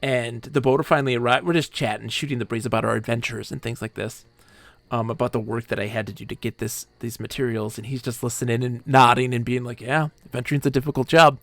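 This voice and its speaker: A man streaming a game from home, casually retelling a story in an animated, rambling way full of asides. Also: medium pitch, quick pace, creaky, no echo. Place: home room.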